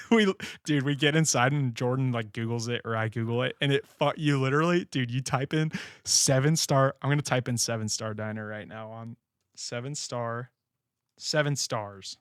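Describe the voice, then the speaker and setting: A man's voice: medium pitch, clear, resonant tone, no room sound, clean studio sound. A young man co-hosting a podcast in casual chat, telling stories with laughter and acting out what others said. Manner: animated storytelling, laughing, acting out quotes. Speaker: podcast co-host.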